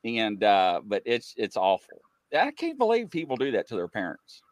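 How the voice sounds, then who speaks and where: Animated man telling stories. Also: fairly low pitch, moderate pace, no echo. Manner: animated, laughing storyteller with sudden loud outbursts. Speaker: host. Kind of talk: casual chat.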